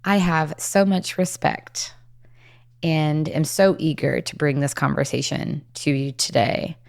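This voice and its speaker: A woman's voice: low-pitched, steady tone, unhurried, creaky. A woman hosting a leadership podcast, introducing and interviewing her guest with eager enthusiasm. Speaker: podcast host.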